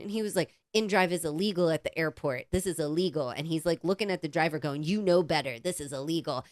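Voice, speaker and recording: A woman co-hosting a podcast, telling a casual story in a lively, swearing, animated way and acting out the quotes. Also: lowish voice, fast, few pauses, dry recording, clean studio sound. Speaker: podcast co-host.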